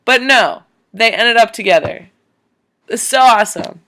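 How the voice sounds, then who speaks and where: A woman retelling a movie plot in a casual, rambling way, full of fillers, her voice leaping up when she gets emotional. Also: unhurried. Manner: rambling, animated, many fillers, voice jumps high when emotional. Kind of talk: casual excited movie recap.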